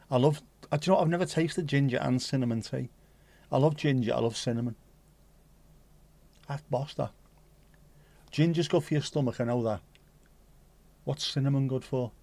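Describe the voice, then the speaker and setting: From his home streaming setup, a man with a mid-range, slightly mellow voice runs a casual livestream on a dry recording. He chats easily with viewers, reading their messages aloud and answering them, with the occasional casual swear word.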